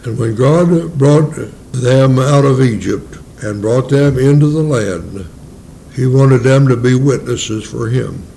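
A man preaching a sermon in a folksy way, asking rhetorical tag questions and slowing down to read scripture in old King James wording. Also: medium pitch, vocal fry, warm tone, a little hiss or hum, low-quality recording.

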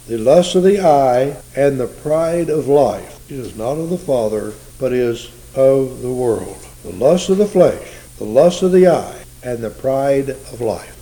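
Man preaching a folksy, mellow sermon. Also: medium pitch, rough recording. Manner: folksy, conversational Bible teaching with rhetorical questions.

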